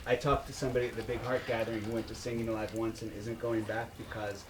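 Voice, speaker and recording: A man's voice: on the low side, flat delivery, quick pace, noisy background. A man in a workshop group, speaking hesitantly and thinking aloud as he asks a question. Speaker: workshop participant. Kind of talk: question from the floor. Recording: distant voice in a group room. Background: other participants in the room.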